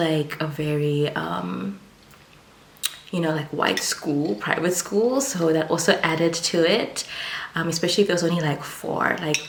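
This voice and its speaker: Woman, 30s, mixed hard-to-place accent, lowish voice, casual vlog chat, echoey room, faint clatter behind. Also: gravelly, slight background noise. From moved to South Africa as a child. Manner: chatty, many "like" fillers, quick bursts. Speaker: vlogger.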